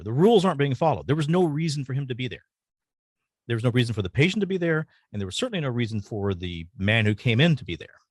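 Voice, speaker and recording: A man telling a personal story as a podcast guest, earnest and halting, pausing often. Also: medium pitch, no echo, clean studio sound.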